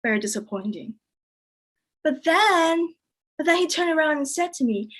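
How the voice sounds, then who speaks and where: A woman whose first language is Chinese performs a stand-up set with a slightly high voice. Her delivery is dry and deadpan. She leaps up in pitch whenever she acts out someone else. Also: normal speed, pauses often. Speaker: stand-up comedian.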